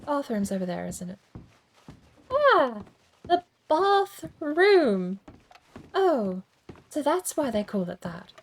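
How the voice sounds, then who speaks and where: A woman's voice: medium pitch, big pitch swings, normal speed, gravelly, a little mellow, husky. A woman streamer chatting casually as she plays, thinking aloud and over-enunciating every word. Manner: chatty, thinks aloud while fiddling with settings. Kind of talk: casual game-stream chat.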